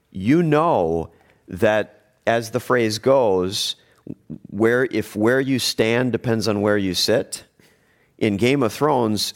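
Man, very low voice, halting restarts, emphatic, casual discussion. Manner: halting, many restarts, builds to emphatic points.

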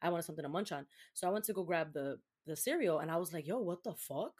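Animated young woman telling a story. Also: deep voice, very fast. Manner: animated, profane, laughing storyteller; sprinkles Spanish words. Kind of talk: casual storytelling chat.

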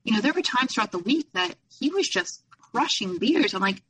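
Bright-voiced woman recounting hard times. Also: fairly high pitch, sing-song, husky, rough recording. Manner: earnest, rushed, heavy on "you know" and "like". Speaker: abuse survivor guest. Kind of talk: candid personal storytelling.

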